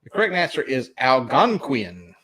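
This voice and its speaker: A man's voice: mid-range voice, big pitch swings, moderate pace, sharp tone, husky. A man with a Southern US accent hosting trivia in casual live-stream chat, chuckling as he reads out questions. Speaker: trivia host.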